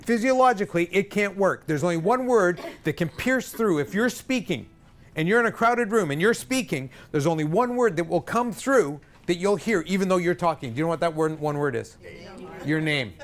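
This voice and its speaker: A man's voice: high voice, animated, normal speed. A man leading a choir rehearsal, counting in and singing short examples with energy. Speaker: choir director. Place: rehearsal room.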